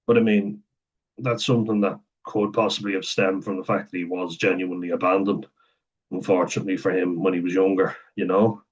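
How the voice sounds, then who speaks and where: A man's voice: sits low, little pitch movement, fairly quick, slightly rough, muffled recording. A man vlogging in a rambling, candid way, swearing casually and laughing often as he reads and comments. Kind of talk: casual talk to camera, reading and commenting.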